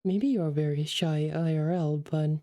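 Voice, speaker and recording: Woman game streamer, casual and affectionate, keeps calling viewers darlings. Low, dark tone. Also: a little slow, no room sound, clean studio sound. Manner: chatty and affectionate, calls the chat darlings. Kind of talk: casual livestream chat while reading a game.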